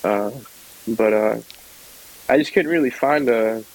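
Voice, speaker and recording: A man's voice: lowish voice, measured pace, rough recording. Chatty young man telling a story. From South Georgia, United States. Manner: chatty, laughs often, acts out voices in his stories. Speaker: podcast guest. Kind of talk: casual storytelling.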